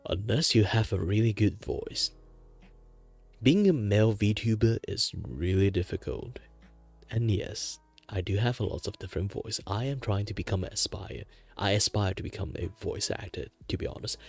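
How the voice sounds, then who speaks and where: Relaxed low-voiced male streamer. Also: creaky. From Malaysia. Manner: rambling, chuckles often, many fillers. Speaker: VTuber art streamer. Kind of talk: casual chatty livestream talk.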